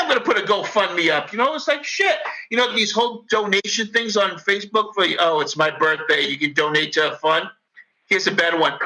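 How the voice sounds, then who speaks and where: A man with a Boston accent, a podcast guest talking casually in a profane, rambling, animated way. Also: sits high, brisk, low-quality recording. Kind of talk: casual chat.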